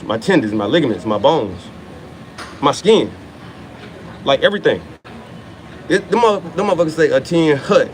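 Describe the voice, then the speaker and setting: This fitness motivator, a man in his thirties, speaks on the high side over a little hiss or hum in a rough recording. His motivational monologue on training is full of swearing and emphasis, with important lines said again for impact.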